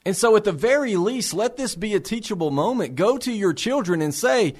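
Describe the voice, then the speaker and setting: A man's voice: sits high, sing-song, brisk, few pauses. A man speaking earnestly to fellow believers for a faith-based resource center. He talks with passion, asks rhetorical questions and often repeats words as he starts a phrase.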